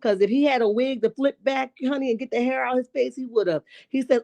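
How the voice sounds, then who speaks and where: A woman with a slightly high, raspy morning voice breaks down reality TV drama in AAVE. She swears freely, answers her own questions, and keeps pulling the chat in with "okay?" and "right?". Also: a little fast, hardly any pauses, warm tone. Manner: sassy, profane, rhetorical asides with "okay?" and "right?". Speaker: reality TV commentary host. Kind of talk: casual reality-show recap with live chat.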